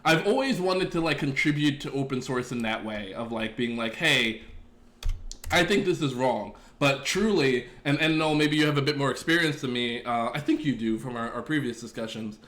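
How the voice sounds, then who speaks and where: Man, casual live-stream chat, rambling, swears, mid-pitched voice, keyboard typing behind. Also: a little fast, few pauses, fairly bright tone. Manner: rambling, self-deprecating, swears and laughs, talks to chat. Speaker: game dev streamer.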